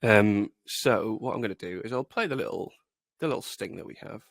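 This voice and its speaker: A low, gravelly man with a stuffed-up nose from a cold, chatting casually on a podcast. His delivery is self-deprecating and peppered with swearing, recorded close and dry with no room sound. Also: animated, brisk, no echo. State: congested from a cold. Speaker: podcast co-host. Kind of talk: casual chat.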